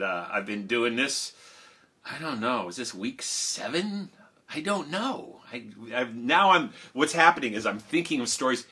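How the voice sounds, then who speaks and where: A man's voice: mid-range voice, bright, forceful tone, slightly rough. A man who sings and tells stories for children, chatting playfully on a home live stream and coaxing his listeners to join in. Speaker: children's singer and storyteller. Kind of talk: casual live-stream chat to a young audience. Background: guitar playing.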